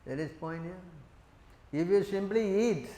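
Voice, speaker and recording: Preacher, male, fairly high voice, quizzes his listeners, echoey room. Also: lively intonation, slow, mellow, a little hiss or hum. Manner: asks the audience questions, laughs, acts out quotes. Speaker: preacher giving a scripture class. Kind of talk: sermon.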